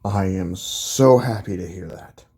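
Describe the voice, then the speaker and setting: A man's voice: low-pitched, unhurried, warm tone, husky. A man voicing a boastful, teasing older father god in a spoken fan story. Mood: proud.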